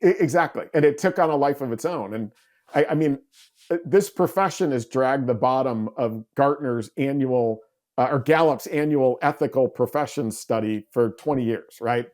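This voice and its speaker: A man in his forties, a podcast guest, telling stories in an animated way and acting out quoted dialogue. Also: medium pitch, normal speed. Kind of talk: storytelling interview talk.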